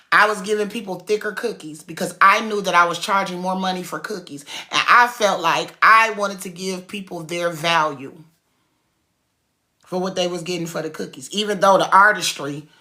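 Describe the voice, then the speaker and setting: A woman who owns a cookie business and speaks publicly gives a casual motivational talk in a fairly low, pushed, bright voice. She's emphatic and a bit preachy, repeating her points in slangy, everyday language.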